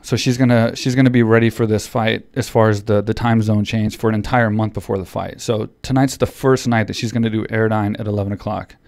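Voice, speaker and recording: A man's voice: on the low side, fairly even intonation, brisk, vocal fry, hardly any pauses, darkish tone, dry recording. A man hosting a podcast in casual chat, still a little out of breath, rambling with many restarts. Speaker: podcast host and coach. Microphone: studio podcast mic.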